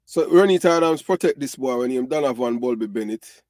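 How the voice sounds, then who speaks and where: A man's voice: mid-range voice, fairly quick, no echo. A middle-aged Jamaican man hosting his channel, talking casually and animatedly to viewers, repeating himself and mixing in Patois with many fillers. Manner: animated, repetitive, Patois-mixed talk with frequent fillers. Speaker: channel host.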